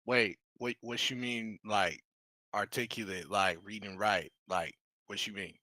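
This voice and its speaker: A cocky goblin sorcerer who rambles in street slang and swears freely, played by a man in his own voice. The tone is bright and forceful, with a low pitch. The recording is dry and close. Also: steady tone, measured pace, dry recording. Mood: brash. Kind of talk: tabletop role-play.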